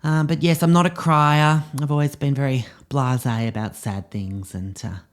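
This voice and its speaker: A man's voice: medium pitch, fairly even intonation, moderate pace. A man playing a pompous drama teacher, rambling with fillers in a comedy monologue. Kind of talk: comedy podcast character monologue.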